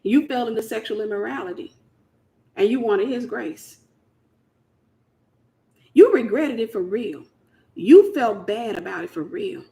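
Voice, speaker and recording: A woman's voice: a little high, animated, measured pace, vocal fry, pauses often, warm tone. A woman from the United States hosting a casual Christian teaching talk, speaking in an emphatic, colloquial way and repeating her key phrases. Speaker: host.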